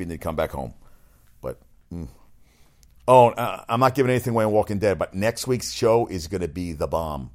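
A man with a very low, deep voice hosts a loose talk segment. He rambles in a blunt, opinionated way, often restarting his sentences and swearing freely. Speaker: show host. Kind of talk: casual chat.

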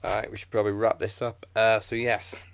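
A man's voice: on the low side, level tone, fairly quick, creaky, a little hiss or hum. A man with a Wrexham accent chatting casually on a podcast and telling stories with a laugh. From Wales. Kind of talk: casual chat.

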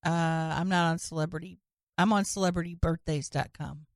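A woman's voice: deep voice, steady tone, normal speed, no echo, studio quality. A woman in her forties co-hosting a podcast, trading teasing quips in casual chat. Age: 40s. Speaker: podcast co-host.

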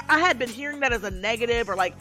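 A woman co-hosting a casual group podcast, telling stories in an animated way and laughing easily. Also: fairly high pitch, fast talker, faint music behind. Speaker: podcast co-host.

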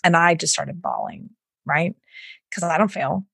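Woman guest with a low voice, animated storyteller who mimics others, dry close sound. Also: unhurried, gravelly, husky, no room sound. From Southern United States. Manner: animated, acts out what others said, laughs often. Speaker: entrepreneur guest. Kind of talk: candid storytelling interview.

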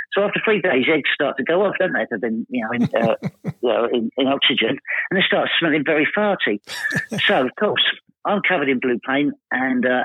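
A man from Essex with an Essex accent, telling comic anecdotes as a podcast guest, quoting people in animated voices. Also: medium pitch, breathy edge, no room sound. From Essex, England. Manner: rapid storytelling, animated quoting of others. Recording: tinny phone-like dry line.

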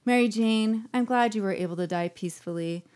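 A woman voicing a smug soap-opera man with calm, matter-of-fact melodrama. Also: mid-range voice, brisk, natural voice.

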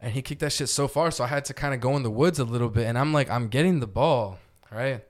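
A young man co-hosting a podcast tells a story in casual chat, rambling, profane, and full of filler words. He talks fast in a medium-pitched voice.

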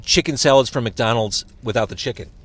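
A man's voice: medium pitch, brisk. A man hosting a casual interview over a meal, joking and self-deprecating. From Illinois, USA. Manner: jokey, self-deprecating, animated. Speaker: host.

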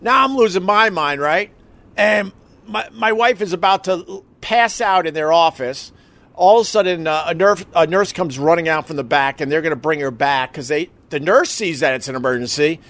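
This man's voice sits on the high side and sounds fairly bright, moving at a normal speed. He is a husband describing an emergency he lived through, telling it casually and with emotion, cursing and imitating what others said.

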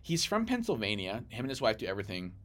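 A man with a low voice chatting casually as a podcast co-host. He rattles along quickly and fills his sentences with "like" and restarts. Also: wildly swooping pitch, fairly bright tone. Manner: rapid, rambling, many fillers. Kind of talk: casual chat.

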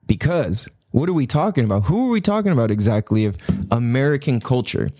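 A man's voice: medium pitch, expressive, warm tone, no echo, clean studio sound. A man in a casual, rambling monologue who swears a lot, laughs often and keeps checking in with his listener. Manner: rambling, profane, laughing, slips into quick impressions.

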